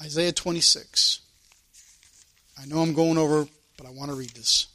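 A man's voice: fairly high pitch, fairly even intonation, normal speed, bright, forceful tone. A man preaching a sermon, reading scripture aloud and pressing his points with rising emphasis.

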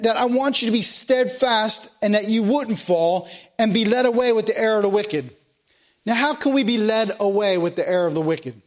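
A man preaching a sermon, asking the congregation questions and reading scripture aloud. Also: high-pitched. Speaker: pastor.

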